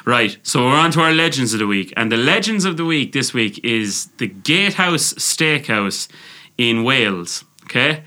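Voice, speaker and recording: A man's voice: mid-range voice, big pitch swings, moderate pace, bright, forceful tone. A young Irish man co-hosting a casual podcast, bantering, swearing and laughing often. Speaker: podcast co-host.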